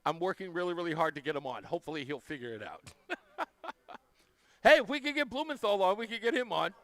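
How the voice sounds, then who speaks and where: A man's voice: sits high, lively intonation, fast talker, a bit bright, no echo. A man hosting a live radio talk show, chatting casually and effusively thanking donors. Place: radio studio.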